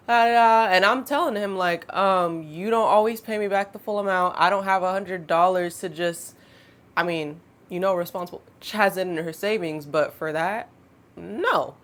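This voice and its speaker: A woman, telling a storytime vlog in a chatty, animated way with laughing asides. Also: mid-range voice, moderate pace. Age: 20s. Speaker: storytime vlogger. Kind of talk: casual storytime monologue.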